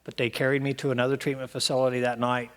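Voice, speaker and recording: A middle-aged man from Ohio speaking at a recovery meeting, telling his story in an animated way and acting out the dialogue in voices. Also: medium pitch, fast. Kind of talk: storytelling talk to an audience.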